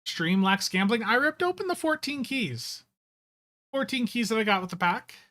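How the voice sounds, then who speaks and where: High-voiced man hosting a casual stream. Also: lively intonation, normal speed, pushed and bright. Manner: easygoing, rambling with fillers. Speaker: game streamer host. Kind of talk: casual live-stream chat.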